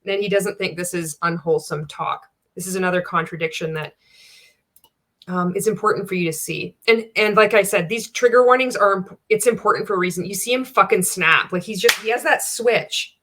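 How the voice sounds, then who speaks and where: Bright-voiced woman reacting, blunt and profane. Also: medium pitch, brisk. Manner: candid, profane, wry, laughs often. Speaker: reaction video host. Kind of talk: casual commentary reacting to a clip.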